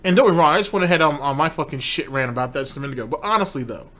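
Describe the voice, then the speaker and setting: A man's voice: on the high side, lively intonation, rapid-fire, fairly bright tone. A man ranting in commentary about a streamer and his fans, profane and scornful.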